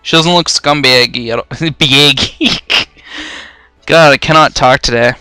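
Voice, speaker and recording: A man's voice: medium pitch, brisk, pushed and bright, smooth, no room sound, faint music behind. A young man giving casual, rambling let's-play commentary, swearing freely and poking fun at himself. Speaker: gaming YouTuber.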